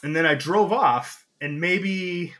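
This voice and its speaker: Bright-voiced young American man. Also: sits high, takes it slowly. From United States. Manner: relaxed, conversational, uses "like" and "right?". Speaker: interview host, former English teacher. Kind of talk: casual interview storytelling.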